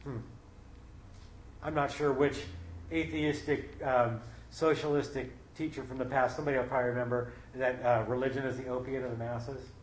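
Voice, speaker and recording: Middle-aged male preacher, folksy and conversational, mid-pitched, roomy echo, faint room hum. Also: level tone, moderate pace. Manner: conversational, folksy, reads scripture aloud. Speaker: Bible study leader. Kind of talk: informal sermon.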